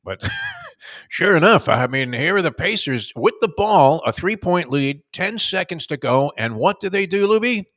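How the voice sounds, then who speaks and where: Lively, bright-voiced man hosting sports talk. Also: fairly high pitch, dry recording, clean studio sound. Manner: rambling storyteller with many filler pauses. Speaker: sports talk show host. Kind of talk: casual sports talk with a co-host.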